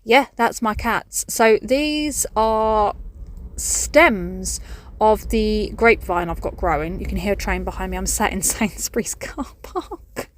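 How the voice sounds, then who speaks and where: A woman's voice: medium pitch, slow. A woman chatting casually in a garden vlog, jokey and self-mocking. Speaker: vlogger. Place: outdoors in a garden.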